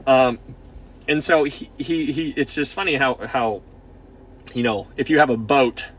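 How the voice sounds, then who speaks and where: A man leading a casual Bible study, talking in an excitable, rambling way full of restarts. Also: mid-range voice, measured pace.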